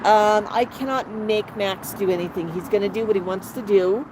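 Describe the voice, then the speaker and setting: A woman's voice: medium pitch, moderate pace, heavy background noise. A woman hosting a casual outdoor livestream, chatting to viewers and reading out their comments. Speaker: livestream host.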